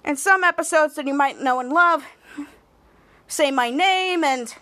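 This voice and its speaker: High-voiced woman recapping a show. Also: unhurried, sharp tone, no room sound. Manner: rambling, acts out the scenes. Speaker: podcast host. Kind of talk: casual episode recap.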